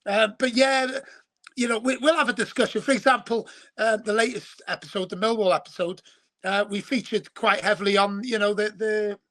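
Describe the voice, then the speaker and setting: A man's voice: high-pitched, fairly even intonation, normal speed, pushed and bright. A man from Wales, chatting as a guest in a rambling, chummy way and calling the host mate. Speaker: guest, football show presenter. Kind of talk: casual chat.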